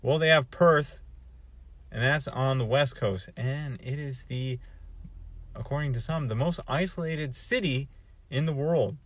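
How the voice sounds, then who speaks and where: A man's voice: medium pitch, unhurried. A man from North America giving a casual, rambling vlog monologue, thinking aloud and often restarting his sentences. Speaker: vlogger.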